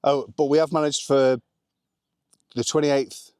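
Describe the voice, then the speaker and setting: A man's voice: mid-range voice, fairly even intonation, darkish tone, clear, resonant tone, no echo. Joking English man on a home vlog. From England. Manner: joking, teasing, quick interjections. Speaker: vlogger. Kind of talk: casual chat.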